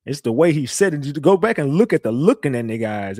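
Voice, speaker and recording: A man's voice: medium pitch, animated, moderate pace, long pauses, darkish tone, no echo. Male stream host, brash and profane trash talk, dry sound. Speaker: online show host. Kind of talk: livestream commentary.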